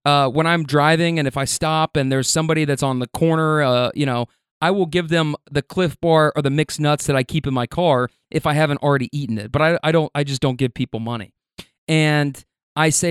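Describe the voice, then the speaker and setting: A man's voice: a little high, brisk, clean tone, dry recording, clean studio sound. A man, a podcast host, telling a long casual anecdote in a rambling way, with restarts and chuckles.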